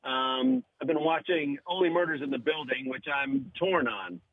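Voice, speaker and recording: A man's voice: a little high, normal speed, narrow, tinny audio. A man chatting casually as a guest on a radio show, telling an anecdote and acting out the quotes. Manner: animated storyteller, acts out quotes. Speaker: podcast host guest. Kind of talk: casual chat.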